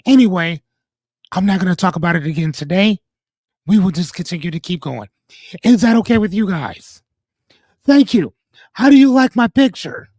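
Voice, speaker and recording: A man's voice: high-pitched, lively intonation, normal speed, pauses often, darkish tone, dry recording, studio quality. A young man hosting a casual livestream, reading out viewers' names and joking, cursing and breaking off with "hold on". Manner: loose and joking, reads out chat names and comments; swears casually, breaks off with 'hold on'. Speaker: livestream host.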